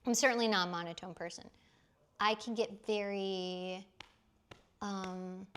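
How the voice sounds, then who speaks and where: A woman voice actor streams and chats casually with her viewers, rambling and laughing often. Her speech is full of fillers and restarts, loose and friendly. Her pitch sits in a plain middle range. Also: takes it slowly. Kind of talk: casual live stream chat.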